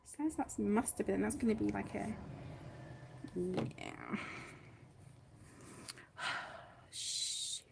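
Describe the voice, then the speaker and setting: This time the British craft streamer sounds mid-range, creaky and animated, speaking very slowly with long pauses against a noisy background. Working at home, she's somewhat flustered, talks to herself as she goes, and affectionately calls her viewers sweetheart.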